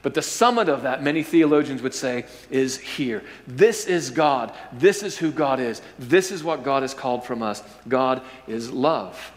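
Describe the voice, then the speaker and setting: A male pastor preaching a sermon, with emphatic, drawn-out stresses and rhetorical questions. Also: medium pitch, lively intonation. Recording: hall reverb.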